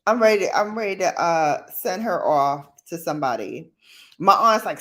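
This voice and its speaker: A woman hosting a casual late-night livestream, chatting playfully with viewers in a slangy, animated way and acting out quotes. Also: medium pitch, unhurried. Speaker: livestream host.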